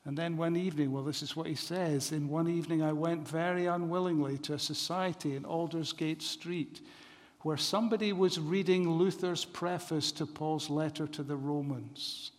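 A man preaching a sermon in a measured, deliberate way, repeating phrases for emphasis. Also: a little high, steady tone. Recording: long hall reverb.

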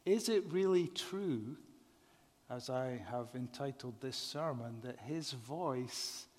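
A man's voice: medium pitch, a little mellow. Man preaching in a long-echoing hall. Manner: measured, rhetorical questions to the congregation. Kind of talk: sermon. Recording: long reverb of a large hall.

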